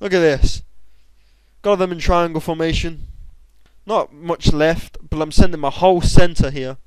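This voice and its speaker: Young man, gameplay commentary, excitable, bursts into shouts, slightly high voice. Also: a little slow, clean tone, dry recording, poor audio. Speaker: gamer.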